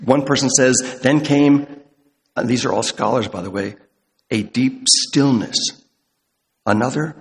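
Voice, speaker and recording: Deliberate preacher in a reverberant hall. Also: male voice, medium pitch. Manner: deliberate, slows for quoted scripture. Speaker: pastor. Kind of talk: sermon.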